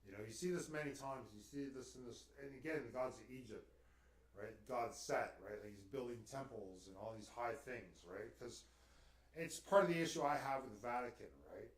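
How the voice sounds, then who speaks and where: A man rambles through a casual spiritual chat and keeps tagging his points with "right?". He sits away from the mic, and the room adds a noticeable echo. His pitch is middling. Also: normal speed. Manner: rambling, tags lines with "right?". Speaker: guest. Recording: roomy, distant mic.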